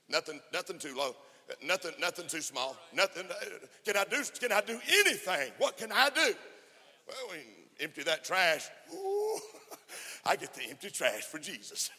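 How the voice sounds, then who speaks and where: Man, preacher, fervent sermon, very bright sharp tone, long hall echo. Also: a little high, sing-song, moderate pace. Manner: fervent, calls for amens, laughs often. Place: church conference hall. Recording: echoey hall reverb.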